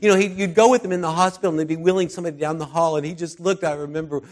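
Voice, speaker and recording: A man's voice: a little high, steady tone, very fast. Earnest man preaching through stories. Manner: earnest, heartfelt storytelling that drops soft and quiet. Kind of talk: sermon told through personal stories.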